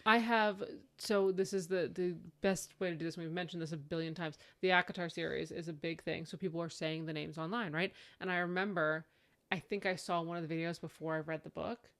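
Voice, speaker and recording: A woman co-hosting a book podcast in casual chat, animated and acting out quoted lines. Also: fairly quick. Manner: animated storyteller, acts out quotes in high voice. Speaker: podcast co-host.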